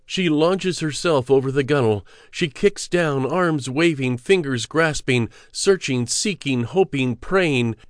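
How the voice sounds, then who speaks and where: A man narrating a novel as an audiobook in a measured, steady storytelling manner, on a close studio mic. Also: on the high side, no echo.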